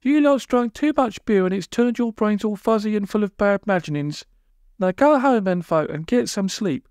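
A man's voice: sits high, expressive, normal speed, a little mellow, clear, resonant tone, dry recording, studio quality, voice pushed up. A man voicing a blunt, indignant nine-year-old girl who talks in brash, slangy scolds. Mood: scolding.

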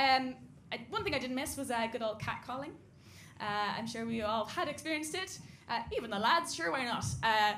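A high-pitched Irish woman performs stand-up on a club stage, talking through a handheld mic. Her delivery stays mostly deadpan, then bursts out on the punchlines. Audience noise comes through clearly behind her. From Ireland. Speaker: stand-up comedian. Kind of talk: stand-up comedy set. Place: comedy club stage before a live audience.

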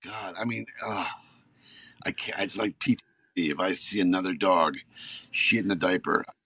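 A man's voice: deep voice, moderate pace, slightly rough, dry recording. A man in his fifties, an actor and podcast guest, telling stories in casual chat and getting worked up as he goes. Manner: animated storyteller, gets worked up.

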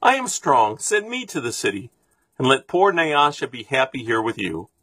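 A man reading a storybook aloud, voicing a proud, greedy young woman who is haughty and falsely sweet, with a husky voice. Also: medium pitch, very animated, moderate pace, sharp tone, no echo, heavily acted.

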